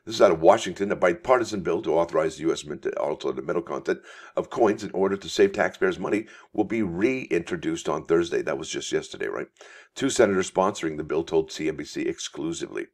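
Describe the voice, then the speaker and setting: A man's voice: deep voice, animated, fast, darkish tone. A male coin channel host giving casual news commentary, reading articles aloud in a chatty, folksy way and calling his viewers folks. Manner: reads articles aloud with asides.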